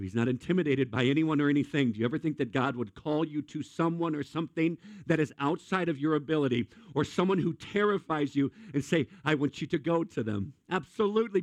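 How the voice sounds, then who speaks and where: A man preaching a sermon in a lively, conversational way, with jokes and acted-out asides. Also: medium pitch, no echo. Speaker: pastor.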